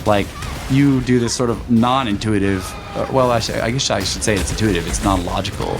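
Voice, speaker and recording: Rambling low-voiced man over music. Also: brisk. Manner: rambling, profane, laughs often. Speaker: podcast co-host. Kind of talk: casual chat.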